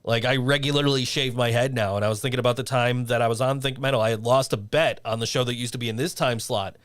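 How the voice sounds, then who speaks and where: A man's voice: mid-range voice, steady tone, fast talker, fairly bright tone, dry recording. A man hosting a casual radio show from a small studio, rambling and self-deprecating with frequent laughs. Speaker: show host. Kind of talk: casual on-air chat.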